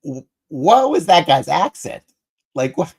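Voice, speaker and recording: A man co-hosting a podcast, talking through a movie in a rambling, animated way with many restarts. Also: on the high side, unhurried, creaky, husky. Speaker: podcast co-host. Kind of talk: casual movie discussion.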